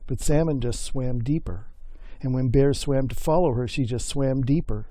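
A male storyteller spinning a folk myth in an easygoing, homespun way. His voice is mellow and relaxed. The recording is dry and close, with no room sound. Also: mid-range voice, no room sound. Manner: folksy and unhurried, with voiced characters.

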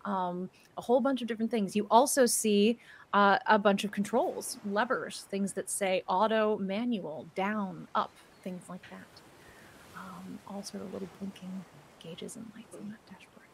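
She has a medium-pitched, creaky voice, with slight background noise in the recording. As game master of a tabletop role-playing game, she describes scenes at a leisurely pace, often using fillers and starting over.

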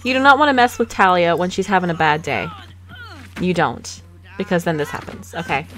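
A woman's voice: lowish voice, a bit bright, soft background music. Sassy woman narrating a life-sim game. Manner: playful, sassy, quick to laugh. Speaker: gaming channel host. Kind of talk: casual game commentary. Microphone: desk microphone.

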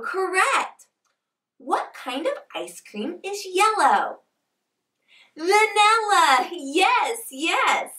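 High, lively woman hosting for preschoolers. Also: reverberant, distant mic. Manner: slow, exaggerated and sing-song, praising the viewer. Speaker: children's show host. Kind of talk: upbeat preschool teaching.

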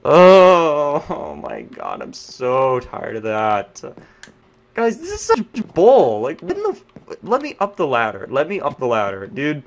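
A young man giving live gameplay commentary, frustrated and ranting, swinging between yelling and muttering. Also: a little high, huge pitch swings, takes it slowly. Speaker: gaming YouTuber.

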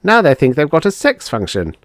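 A man's voice: on the high side, huge pitch swings, brisk, no echo, clean studio sound, pitched above the performer's own voice. A man voicing an impatient, contemptuous young spaceman who talks bluntly. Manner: blunt, scornful, shouting.

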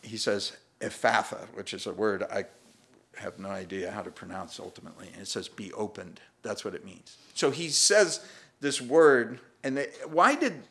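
A man's voice: on the low side, animated, moderate pace, fairly bright tone. A man preaching a sermon as pastor, chatty and self-deprecating, often acting out little voices and laughing at the text. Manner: conversational, self-deprecating, acts out voices with humor. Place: church.

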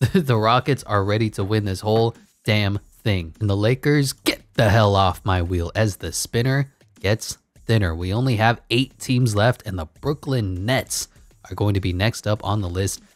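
A man calling a simulated basketball video game play-by-play, excitable and jokey, rising to big shouts on key moments. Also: fairly low pitch, moderate pace, dry recording. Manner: jokey asides and laughs between calls. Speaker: gaming channel host.

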